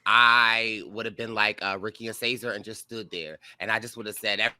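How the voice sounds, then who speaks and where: Sassy bright-voiced male podcast co-host. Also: on the low side, steady tone, a little fast. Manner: sassy, playful asides. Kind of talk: casual chat.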